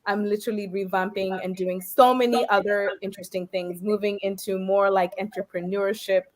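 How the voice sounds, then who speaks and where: A woman hosts her own interview channel and talks in a casual, earnest way. She reflects aloud and works her thoughts out as she speaks. Her pitch is in the middle of the usual range for a woman. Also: little pitch movement, fairly quick. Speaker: YouTube host and author. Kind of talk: conversational interview.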